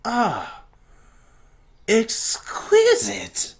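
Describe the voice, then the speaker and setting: A man's voice: high voice, huge pitch swings, drawn-out words, creaky, slight background noise, voice pushed up, heavily acted. A man voicing a pompous, old-fashioned male lord who talks in archaic, theatrical phrases.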